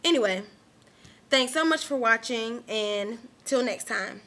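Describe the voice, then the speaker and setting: A woman's voice: fairly high pitch, a little slow, a bit bright. A young woman vlogging an angry rant to her camera, emphatic and repeating herself.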